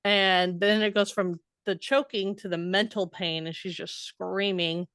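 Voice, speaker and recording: A woman's voice: medium pitch, level tone, unhurried, a bit bright, clean tone, dry recording, clean studio sound. A woman co-hosting a casual book podcast, recapping chapters, reading passages aloud and swearing casually. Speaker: podcast co-host.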